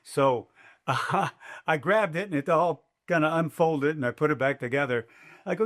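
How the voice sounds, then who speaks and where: A man's voice: medium pitch, fairly quick. Chatty older man telling a story. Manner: lively, chatty, fond of quoting himself. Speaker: podcast guest, race announcer. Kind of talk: casual storytelling.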